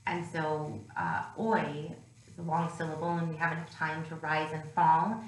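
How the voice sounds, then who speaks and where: A woman's voice: deep voice, flat delivery, moderate pace. A woman instructor explaining a grammar lesson in a recorded lecture, with frequent ums and uhs. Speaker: classics instructor. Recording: echoey room with faint noise.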